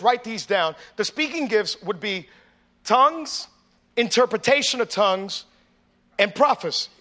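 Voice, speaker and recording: A man preaching a sermon as pastor, telling stories conversationally with asides to the congregation and building to loud emphasis. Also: high-pitched. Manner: conversational storytelling with audience asides.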